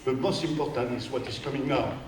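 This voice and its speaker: Animated man in an echoey hall. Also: mid-range voice, fairly quick. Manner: animated, playful, acts out scenes with quoted voices. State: tired from jet lag. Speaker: artist explaining his work. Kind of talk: informal gallery talk. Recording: echoey hall, mic at a distance, faint room noise.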